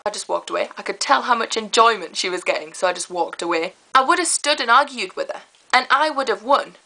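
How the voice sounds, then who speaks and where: A teenage girl, chatting to camera in a rambling, lively way. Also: fairly high pitch, a little fast, gravelly, few pauses, low-quality recording. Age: teens. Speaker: vlogger. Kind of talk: casual chat to camera.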